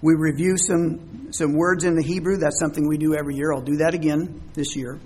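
Husky-voiced man preaching a sermon. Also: a little high, fairly even intonation, a little fast, darkish tone. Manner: teaching, explains words with everyday examples. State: coughing, throat troubled. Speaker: pastor.

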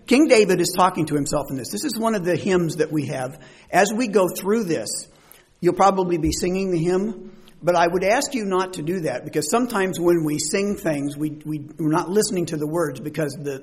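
A man's voice: fairly high pitch, breathy edge. A man preaching a sermon to a congregation in a church hall, speaking conversationally and asking them questions.

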